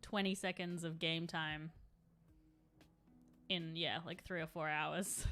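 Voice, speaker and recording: A woman's voice: deep voice, steady tone, slow pace, a bit bright, faint music behind. A young adult woman chatting casually on a live stream while she paints, rambling and laughing often.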